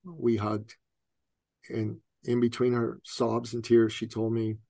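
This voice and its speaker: A man speaking as a podcast guest, telling a personal story in an animated way and laughing often as he goes. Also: medium pitch, slow, gravelly, no echo.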